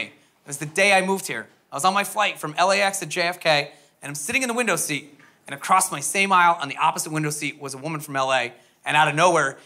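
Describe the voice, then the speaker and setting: A man's voice: fairly high pitch, bright, forceful tone. A young man from the US East Coast doing stand-up comedy, rambling and self-mocking with lots of fillers and tag questions.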